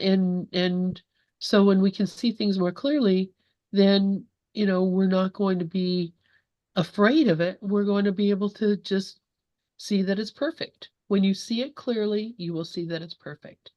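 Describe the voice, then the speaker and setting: A woman's voice: mid-range voice, fairly even intonation, a little slow, darkish tone, no echo, dull audio. A woman leading a casual spiritual discussion over a video call, talking in a rambling way with many restarts. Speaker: group discussion leader.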